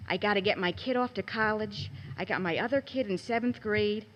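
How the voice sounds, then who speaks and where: A woman's voice: mid-range voice, brisk, lo-fi sound. Emotional pleading mother at a meeting. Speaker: parent giving public comment. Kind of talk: emotional public comment at a board meeting.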